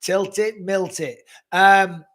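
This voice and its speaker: A man's voice: high voice, level tone, slow, fairly bright tone. A man, hosting a casual live stream, joking, teasing and swearing freely. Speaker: podcast host.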